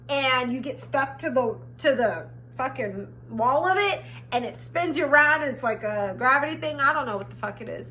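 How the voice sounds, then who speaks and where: A young woman telling a story in a casual, animated way, swearing freely and acting out what she said. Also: a little high, slight background noise. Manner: animated, swears freely, acts out her own quotes. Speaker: storytime vlogger.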